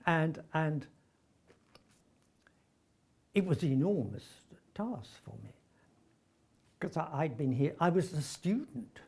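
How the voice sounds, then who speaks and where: Husky older man telling stories. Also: on the high side, slow, pauses often. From North London. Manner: animated storyteller, acts out dialogue, frequent stammered restarts. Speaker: veteran actor recalling his career. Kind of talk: anecdotal reminiscence.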